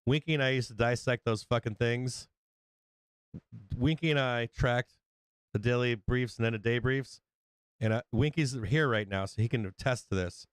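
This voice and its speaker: A man's voice: medium pitch, normal speed, clear, resonant tone, no echo. Male stream host, loose profane rambler, clean dry close sound. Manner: rambling, swears a lot, acts out quotes. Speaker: livestream trading host. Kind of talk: casual profane chat.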